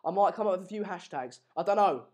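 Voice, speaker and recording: A man's voice: sits high, lively intonation, quick pace. A young man from England hosting a live football watchalong stream, reading out viewer comments and joking around with lots of fillers and restarts. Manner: jokey banter, rambling with fillers and restarts. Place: home room in Madrid.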